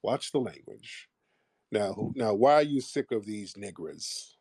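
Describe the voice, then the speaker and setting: Male call-in host, low husky voice, combative, mocking banter. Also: expressive, unhurried, a little mellow, dry recording, studio quality. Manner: combative, trades insults and mockery with callers. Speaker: host of a live audio call-in show. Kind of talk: casual call-in chat.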